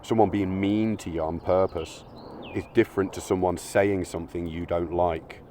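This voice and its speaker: A man's voice: low-pitched, fairly even intonation, normal speed, dark tone, slight background noise. A man ranting in a blunt, sweary, argumentative monologue, now and then mocking imagined critics in silly voices. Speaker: video essayist. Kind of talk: opinionated monologue.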